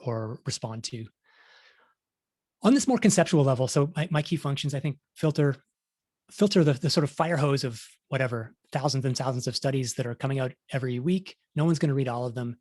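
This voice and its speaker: A man's voice: mid-range voice, a little mellow, no echo, studio quality. A middle-aged man, a science journalist, giving a conversational talk with many restarts, acting out quotes along the way. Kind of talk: conference talk.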